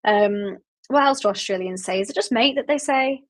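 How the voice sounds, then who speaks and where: A woman's voice: a little high, big pitch swings, brisk, bright, forceful tone. A woman in her late twenties with a Yorkshire accent, hosting a book club livestream and chatting in a rambling way as she answers viewers. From Yorkshire, England. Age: late 20s. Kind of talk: casual livestream chat reading viewer comments.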